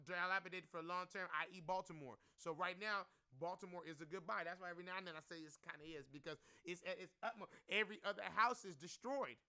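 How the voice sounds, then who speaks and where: Sharp-voiced profane man ranting about stocks. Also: sits high, clear, resonant tone. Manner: profane, rambling, slangy. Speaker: stock market streamer. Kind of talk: casual live-stream commentary.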